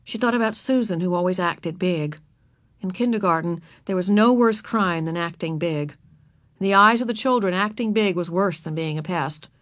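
A woman narrating a children's storybook in an expressive, animated reading. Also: medium pitch, dry recording.

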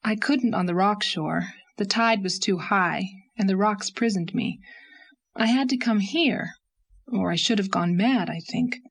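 A woman's voice: mid-range voice, a little slow. A woman reading an audiobook, voicing a passionate, restless young woman in anguish, with an emotional, pleading delivery. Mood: distraught. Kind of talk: audiobook character voice.

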